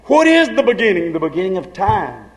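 A man preaching a sermon with fervor, dropping to hushed lines and then rising to shouts. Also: high-pitched, huge pitch swings, fairly quick, poor audio.

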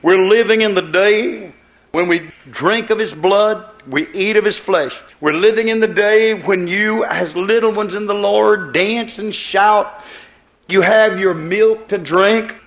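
A man's voice: high voice, unhurried, fairly bright tone. A man preaching a sermon, telling a parable in a rambling, repetitive way. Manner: rambling storytelling with repeated phrases.

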